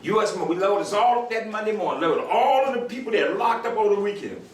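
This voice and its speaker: Older male speaker, lively storyteller who acts out voices, recorded from afar in a roomy hall. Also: sits high, fast talker, far from the mic. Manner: animated storyteller, acts out voices, laughs with the crowd. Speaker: retired U.S. marshal, speaker. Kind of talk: storytelling speech to an audience.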